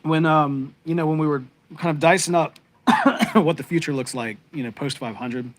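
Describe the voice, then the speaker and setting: A middle-aged man co-hosting a podcast chats casually with viewers in a live-stream, rambling and heartfelt, with plenty of fillers and restarts. His voice is fairly high and his pace moderate.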